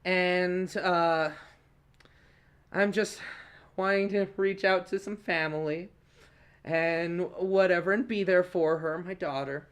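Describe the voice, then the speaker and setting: High-voiced young man telling a story. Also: slow, long pauses, clear, resonant tone. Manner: animated, swears often, laughs while telling stories. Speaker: podcast host. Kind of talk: casual storytelling.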